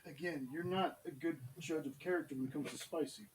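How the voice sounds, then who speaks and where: Low-key podcast host man, dry asides. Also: brisk, slight background noise. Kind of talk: casual chat.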